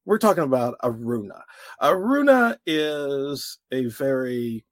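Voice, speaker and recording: Lively, animated podcast host man. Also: medium pitch, unhurried, dry recording, clean studio sound. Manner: upbeat, lively, playful. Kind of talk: scripted intro then casual chat.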